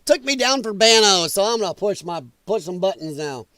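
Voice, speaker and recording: A man with a high, lively voice hosts a livestream from home, swearing freely and laughing as he reacts to his viewers. The sound is dry and close to the mic. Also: a little fast, no room sound. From US Midwest. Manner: loud, profane, laughing often. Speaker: livestream host. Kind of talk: casual livestream commentary. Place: home, dog nearby.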